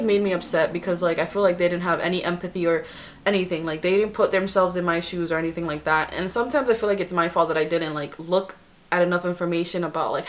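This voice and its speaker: Young woman, casual storytime vlogger, chatty and animated, filler-heavy delivery. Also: fairly low pitch. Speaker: beauty vlogger.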